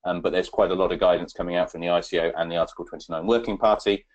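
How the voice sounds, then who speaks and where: A man's voice: low voice, steady tone, racing, dull audio. A man presenting a webinar on data protection, talking with many ums and restarts as he answers audience questions.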